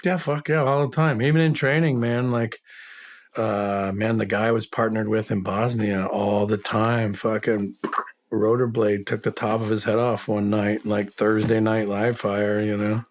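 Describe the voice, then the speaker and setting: A man's voice: on the low side, flat delivery, unhurried. Blunt, foul-mouthed middle-aged man. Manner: blunt, swears constantly, acts out quoted voices. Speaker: interview guest, former special forces soldier. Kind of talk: casual profane storytelling.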